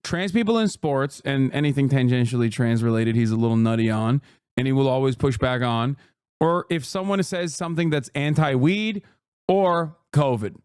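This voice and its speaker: A man's voice: medium pitch, expressive, moderate pace, a little mellow, clear, resonant tone, no echo, studio quality. A man from Turkey streaming live, reacting to clips and ranting sarcastically with lots of swearing. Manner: profane, heated, sarcastic.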